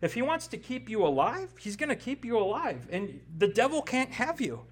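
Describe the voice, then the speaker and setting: A man in his forties, a pastor, preaches an expository sermon with a very high-pitched, sing-song, slightly rough voice at a moderate pace. He talks conversationally and emphatically, frequently asking the congregation "right?"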